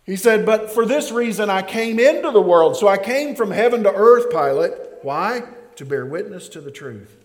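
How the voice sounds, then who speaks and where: A man preaching a sermon in a church, swinging between loud emphasis and quiet drops, calling on the congregation to respond. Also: sits high, animated, moderate pace, hardly any pauses. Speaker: pastor. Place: church sanctuary. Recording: long reverb of a large hall.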